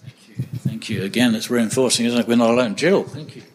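A man leads a church Bible discussion, briskly calling on people by name. His voice sits at a middle pitch. Faint noise runs under the recording. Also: darkish tone. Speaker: church group leader. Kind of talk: leading a group Bible discussion. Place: church hall with a group.

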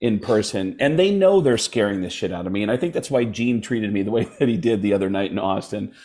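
Chatty man telling comic stories. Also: on the low side. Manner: lively anecdotes with quick voice switches for quoted people. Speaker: comedian guest. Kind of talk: animated storytelling chat.

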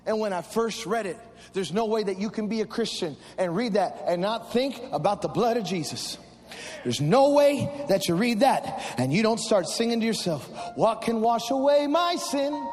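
Male pastor, very high and animated, storytelling sermon with shouted refrains. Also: normal speed, big-room sound. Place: large church.

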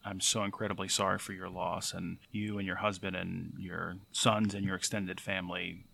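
A man hosting an interview, responding gently and sympathetically to a guest. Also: low-pitched, level tone, moderate pace, vocal fry.

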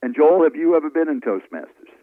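A man, a speaking coach telling animated stories in an interview. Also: on the high side, fairly quick, dry recording. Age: 70s. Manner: lively, animated storyteller acting out dialogue. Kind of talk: storytelling interview answers. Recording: tinny phone-line audio, dry.

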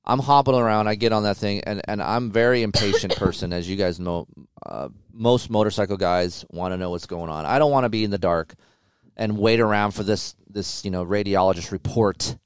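A man in his forties co-hosting a podcast, telling his story in a casual, animated and impatient way, with many restarts. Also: fairly low pitch, brisk, smooth, no room sound, clean studio sound. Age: 40s. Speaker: podcast co-host. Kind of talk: casual chat.

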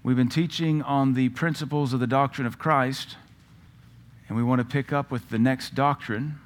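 A man's voice: medium pitch, fairly even intonation, moderate pace. A man preaching a Bible-teaching sermon, emphatic and repeating phrases for stress. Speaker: pastor.

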